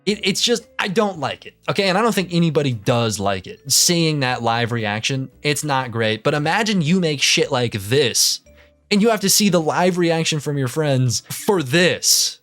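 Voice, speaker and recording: A man's voice: on the high side, very animated, moderate pace, a bit bright, no echo, faint music behind. A man doing casual reaction commentary, ranting in disbelief and swearing constantly. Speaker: commentary youtuber.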